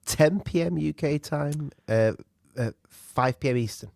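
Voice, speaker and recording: A man's voice: a little high, measured pace, gravelly, darkish tone, dry recording, clean studio sound. A man co-hosting a podcast, giving short replies with stammered restarts. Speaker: podcast co-host. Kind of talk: casual podcast chat.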